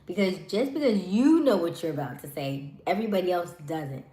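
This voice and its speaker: Soft-spoken low-voiced woman chatting live. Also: sing-song, fairly quick, roomy sound. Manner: soft-spoken, trails off her words; chatty, many fillers. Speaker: live stream host. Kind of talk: casual chat with live viewers.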